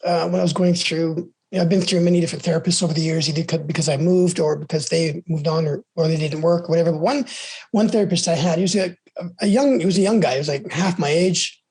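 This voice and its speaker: A middle-aged man shares his own story as a guest on a podcast. His voice is very husky and breathy. He speaks with emphasis and keeps repeating and restarting his phrases. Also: on the high side, fairly even intonation, quick pace, a little mellow. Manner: emphatic, with frequent restarts and repetitions. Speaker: podcast guest, abuse-survivor advocate. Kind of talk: candid conversational storytelling.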